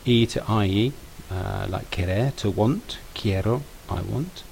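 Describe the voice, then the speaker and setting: A man's voice: lowish voice, measured pace, vocal fry, darkish tone, slight background noise, rough recording. A man teaching grammar to pupils in a patient way, stressing and repeating words. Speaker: language teacher.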